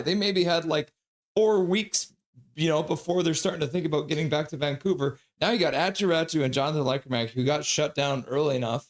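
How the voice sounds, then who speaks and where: Co-host: man, slightly high voice, engaged sports chat. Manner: engaged, asks long questions. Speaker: hockey show co-host.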